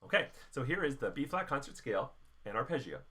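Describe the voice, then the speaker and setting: A middle-aged man teaching a band warm-up lesson, explaining each step patiently. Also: mid-range voice, big pitch swings, quick pace. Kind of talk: instructional lesson.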